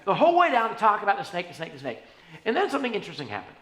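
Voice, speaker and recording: A man preaching a storytelling sermon as a pastor, animated, swinging from hushed to loud. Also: sits high, racing. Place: church sanctuary. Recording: echoey church hall.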